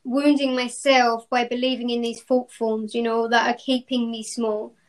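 Woman host with an even, flat voice. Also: a little high, moderate pace. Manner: reflective, spiritual wording. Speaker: podcast host. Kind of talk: podcast interview.

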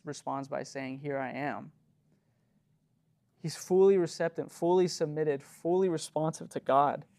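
A man's voice: fairly high pitch, a little mellow. A young man giving an earnest, conversational sermon as a youth leader, full of fillers and short nervous laughs.

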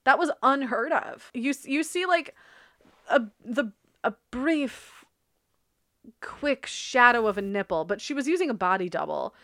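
Woman podcast host, bright tense voice, dry close mic, casual giggly chat. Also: on the high side, a little slow, no room sound. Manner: giggly, animated, talks through film history.

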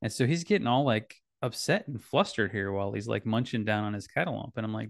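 A man's voice: fairly low pitch, fast talker, gravelly, few pauses, no echo, clean studio sound. A father in casual talk, telling a family story in a rambling way, correcting himself often and laughing now and then. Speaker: podcast host and dad.

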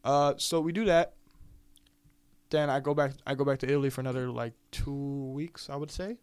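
A man's voice: mid-range voice, fairly even intonation, normal speed, smooth, dry recording. A young man from the United States, a podcast guest telling a long travel story in casual chat, laid-back, swearing freely and laughing often.

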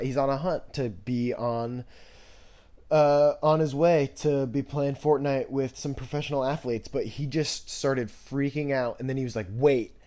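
A man in his twenties hosting a podcast, telling rambling, jokey stories in a casual monologue full of fillers, jumping into high voices to quote people. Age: 20s. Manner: animated, jumps into high voices when quoting others. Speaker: podcast host.

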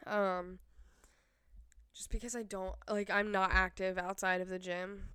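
A woman's voice: mid-range voice, little pitch movement, a little slow, fairly bright tone, smooth, no echo. Young woman rambling on her vlog, lots of likes and ums, dry close mic. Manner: chatty, filler-heavy, laughs often. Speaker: vlogger. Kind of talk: rambling casual monologue.

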